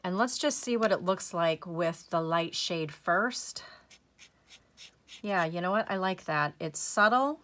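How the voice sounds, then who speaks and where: A woman hosting a crafting channel, talking through a coloring tutorial step by step in a soft, unhurried, gently encouraging way. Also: on the low side, expressive.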